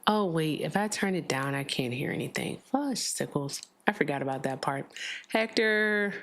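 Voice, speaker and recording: A woman's voice: sits low, animated, normal speed, fairly bright tone, a little hiss or hum. A woman hosting a live political call-in stream, chatting casually and tossing in sarcastic asides. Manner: chatty, sarcastic asides while reading aloud. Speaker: livestream political debate host. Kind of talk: casual livestream talk.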